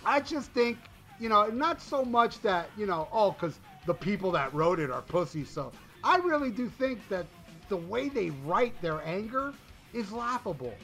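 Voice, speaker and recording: High, bright-voiced man ranting profanely. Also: big pitch swings, normal speed, faint music behind. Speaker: podcast co-host reviewing an album. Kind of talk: casual chat.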